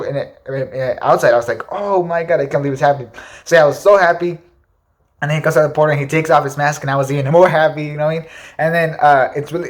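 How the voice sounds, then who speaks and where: A young man talks through his favorite movie scenes in a casual, gushing way. He speaks fast, at an average pitch, piling up fillers and repeating words as he enthuses. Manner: excitable, repetitive gushing with many fillers. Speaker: movie reviewer. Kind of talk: casual ranking commentary.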